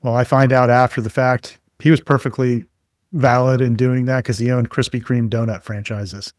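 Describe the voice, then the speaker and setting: A man speaking as a guest in an interview, spinning relaxed stories with plenty of ums and uhs. His voice sits at an ordinary middle pitch. The sound is dry and close, with no room around it. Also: normal speed, no echo. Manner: relaxed anecdotal storyteller with frequent fillers. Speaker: guest expert. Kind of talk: conversational storytelling interview.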